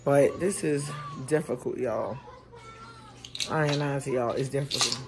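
A vlogger and mother in her forties chats casually and rambles straight to camera, first at home and later in a parked car. Recent tooth extractions keep her from opening her mouth fully. Her voice is extremely low and steady, her pace unhurried, and the recording very noisy.

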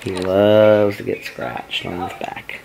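A man's voice: lowish voice, flat delivery, slow, vocal fry, darkish tone, a little hiss or hum. A man vlogging casually, chatty and laughing often as he talks to his pets. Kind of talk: casual daily vlog chat.

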